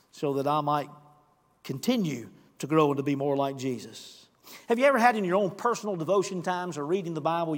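A man's voice: sits high, big-room sound. A man preaching a sermon as pastor, earnest, acting out scripture quotes and speaking directly to the congregation. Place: church sanctuary.

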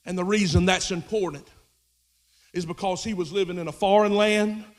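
A man delivers a sermon in a strikingly high voice. He shifts from low, quiet explanation to loud, shouted exhortation. The sound carries a long reverb, as if from a large church hall. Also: steady tone, normal speed. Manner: swings from low intimate talk to shouted preaching. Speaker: preacher.

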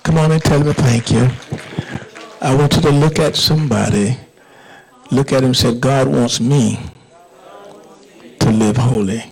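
A man preaching and praying to a church congregation in a fervent manner, at times dropping into hushed whispers and speaking in tongues. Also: medium pitch, unhurried, gravelly, long pauses, husky, poor audio. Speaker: pastor. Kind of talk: sermon with closing prayer. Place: church sanctuary.

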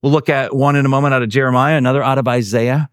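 This preacher keeps a steady tone and quick pace while giving a conversational sermon full of fillers and tag questions. He performs each quote with large pitch shifts, recorded in a clean studio with no room sound.

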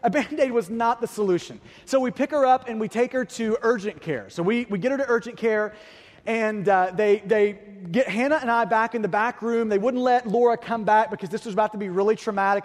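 A man's voice: high voice, brisk, long reverb tail. A man preaching a sermon, telling a personal story with vivid detail and rhetorical questions to the congregation. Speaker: pastor.

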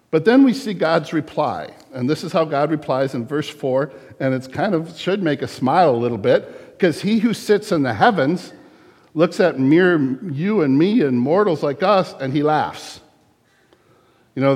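A middle-aged man, a pastor, preaching a sermon in a relaxed conversational way, with small laughs and acted asides. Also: fairly high pitch, long reverb tail. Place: church.

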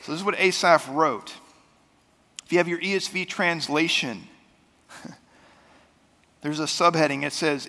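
A man preaching a sermon as pastor, talking in a conversational way that swings between loud and soft. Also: a little high, unhurried, pauses often, big-room sound. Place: church sanctuary.

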